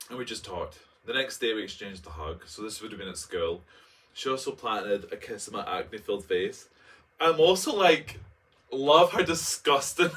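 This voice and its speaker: A man in his late twenties with a lower-pitched yet bright, forceful voice reads his old essay and stops often for camp, playful commentary. He sits a little back from the mic, so his voice sounds slightly distant. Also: normal speed. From Scotland. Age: late 20s. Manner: expressive, camp, playful asides. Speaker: vlogger. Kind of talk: reading a personal essay aloud and commenting on it.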